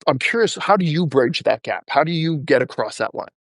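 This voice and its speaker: Fast-talking male podcast host. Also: fairly high pitch, no room sound. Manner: animated, acts out quoted people in his stories. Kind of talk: casual storytelling interview chat.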